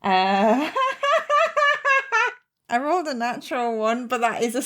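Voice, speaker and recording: Animated woman player. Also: fairly high pitch, a little slow, pauses often. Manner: loud, swearing, laughing banter.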